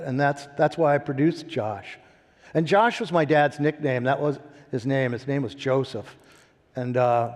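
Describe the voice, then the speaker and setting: Animated older man storyteller in a reverberant hall. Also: fairly high pitch. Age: 60s. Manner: animated storyteller, laughs often. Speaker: winery founder. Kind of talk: storytelling interview.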